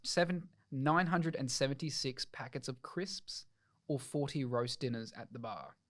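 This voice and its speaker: A man's voice: mid-range voice, a little slow. A man co-hosting a casual comedy podcast, reading out news stories and joking, swearing freely. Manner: sweary, jokey, slips into silly put-on voices. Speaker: podcast co-host.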